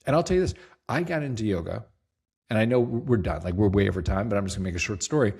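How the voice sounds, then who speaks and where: Husky, lower-pitched middle-aged male guest; chatty storyteller who acts out the voices of people in his anecdotes. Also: fast talker. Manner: lively storyteller, acts out quotes, laughs easily. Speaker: guest, company CEO. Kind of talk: casual storytelling interview.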